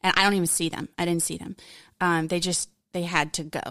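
Woman guest with a low voice, candid and emotional, speaking in a dry, close recording. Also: level tone, fairly quick, a bit bright, no echo. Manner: frank, candid, rambling with fillers. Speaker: podcast guest. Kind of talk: personal storytelling in conversation.

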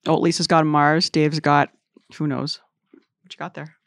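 A woman hosting a casual news podcast, chatty with quick asides, recorded in a studio. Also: deep voice, flat delivery, gravelly, dry recording. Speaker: podcast host. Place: studio room with other guests.

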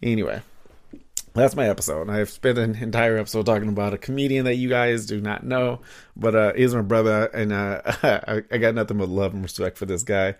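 A man's voice: on the low side, steady tone, fairly quick. A man hosting a solo podcast in a casual, rambling way, laughing often, with lots of fillers and swearing, recorded on a studio microphone. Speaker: podcast host.

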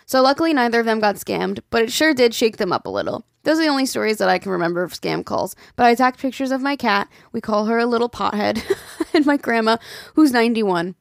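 Woman podcast host, fairly high voice, gravelly edge, dry close sound, casual and chatty. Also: sing-song, fast talker, no echo. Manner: chatty, swears casually, laughs often. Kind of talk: casual podcast chat, reading listener emails.

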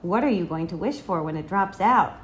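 A woman reading a storybook aloud and speaking as a calm, kindly father. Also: fairly low pitch, brisk, slight background noise, lightly acted. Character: patient, gentle father digging clams.

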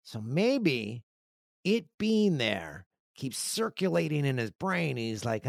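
A middle-aged man hosts a casual podcast, reading listener mail aloud and spinning joking, animated stories full of self-deprecating asides. His voice is medium-pitched, slow and gravelly. The recording is clean studio audio with no room sound.

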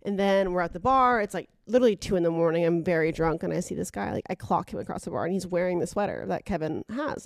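A woman's voice: lowish voice, expressive, gravelly, dry recording. Young woman cohost telling funny stories, casual, swears, dry close mic sound. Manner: chatty, quick storytelling, swears. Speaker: podcast co-host. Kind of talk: casual chat.

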